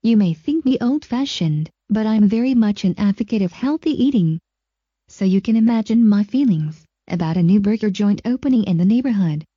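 A text-to-speech woman's voice reading a short first-person story in an even, measured way, lo-fi and dull. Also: mid-range voice, husky, dry recording.

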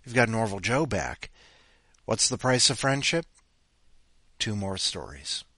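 A man's voice: lowish voice, measured pace. A man hosting a podcast, rambling casually with sighs and mocking voices. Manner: animated, sighing, mocking voices. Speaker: podcast host.

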